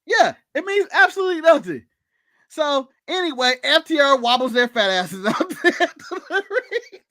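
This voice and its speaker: High-voiced ranting American co-host. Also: male voice, sing-song, moderate pace, sharp tone, no echo. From United States. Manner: ranting, sarcastic, laughing, swearing. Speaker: podcast co-host. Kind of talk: casual podcast chat.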